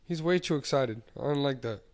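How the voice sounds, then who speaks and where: A man's voice: mid-range voice, a little fast, a little mellow. A man co-hosting a podcast, talking football in a heated, casual way and swearing freely. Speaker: podcast co-host. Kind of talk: casual sports chat.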